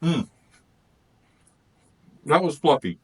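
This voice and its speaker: Casual male food vlogger, lively up-and-down delivery, loose and rambling. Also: fairly high pitch, very slow, husky. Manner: rambling, thinks aloud between bites. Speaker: food reviewer. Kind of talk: casual taste-test vlog.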